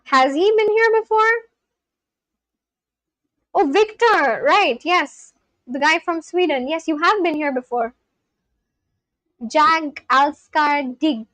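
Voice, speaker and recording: A woman's voice: very high-pitched, expressive, a little slow, pauses often, a bit bright, no echo, rough recording. A woman hosting a casual live stream, chatting with viewers, reading out their messages and laughing often. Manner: chatty, reads out and answers chat, laughs often.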